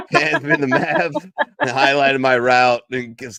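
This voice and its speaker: A middle-aged American man hosting a casual live stream, telling profane, animated stories. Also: mid-range voice, moderate pace, clear, resonant tone, no echo, clean studio sound. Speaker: podcast co-host. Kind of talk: casual banter and storytelling.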